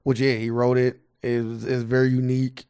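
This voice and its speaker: A man in a casual podcast chat, arguing his side in a calm, teasing way. His voice sits at an ordinary middle pitch, recorded dry and close with no room sound. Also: brisk, clear, resonant tone, no room sound. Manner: teasing, calmly argumentative. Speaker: podcast co-host.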